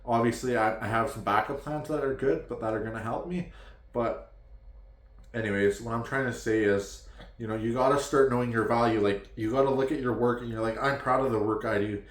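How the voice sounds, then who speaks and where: A man's voice: mid-range voice, brisk, roomy sound. A man from Canada giving a frustrated, heated rant to the camera, pleading with viewers and leaning heavily on "like". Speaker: vlogger.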